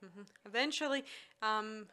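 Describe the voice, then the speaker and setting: A woman with a bright, clear tone excitedly walking through a film's plot. She rambles a little and pauses on fillers as she talks. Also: a little high. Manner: enthusiastic, rambling with restarts and fillers. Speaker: co-host recapping a film. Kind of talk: casual chat.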